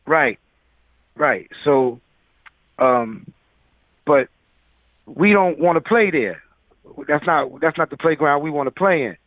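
A man's voice: on the high side, animated, slow pace, long pauses, no echo. A man who is a music producer, telling stories loosely in a casual interview, full of fillers. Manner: loose, filler-heavy storyteller. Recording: tinny phone-like line.

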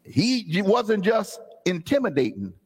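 A male pastor preaching in a church, swinging between easy talk with the congregation and shouted, almost sung phrases. His voice sits high and swoops widely. There is a husky grain to it. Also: big pitch swings, unhurried. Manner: call-and-response, rising to shouts and sung phrases. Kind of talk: preaching a sermon. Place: church sanctuary.

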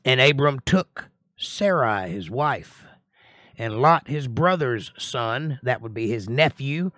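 A man as a relaxed Bible study teacher, mid-pitched, dry close sound, chatty and folksy. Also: slow pace, dry recording. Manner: folksy, chatty, greets viewers by name; reads scripture aloud and comments on it.

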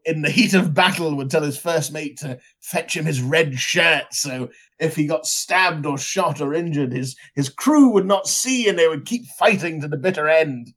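A man co-hosting a casual podcast chat, often giggling and breaking into high laughs. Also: a bit bright. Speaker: podcast co-host.

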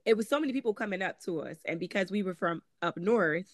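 A woman's voice: mid-range voice, expressive, quick pace, no room sound, studio quality. A woman from Connecticut with a Connecticut accent, telling her personal story candidly as a guest in an interview, with frequent "um" and "like" as she acts out what others said. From Connecticut, USA. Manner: candid, conversational, frequent "um" and "like", acts out quoted voices. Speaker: guest author.

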